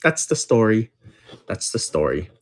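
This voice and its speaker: A man's voice: lowish voice, big pitch swings, unhurried. A man hosting a card-breaking livestream, telling a story in a brash, profane, casual way, repeating lines for emphasis and counting down between breaks.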